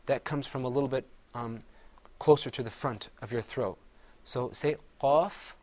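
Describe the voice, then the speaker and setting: In a classroom pronunciation drill, a man with a medium-pitched, dark voice teaches Arabic letter sounds at a moderate pace. He patiently says each sound and has the group repeat it, explaining mouth positions step by step.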